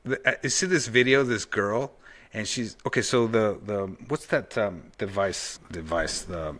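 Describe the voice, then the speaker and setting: A man's voice: on the low side, unhurried, fairly bright tone. A man hosting a podcast over a video call, talking in a loose, rambling way and calling his guest "dude" constantly. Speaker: podcast host. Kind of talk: casual chat.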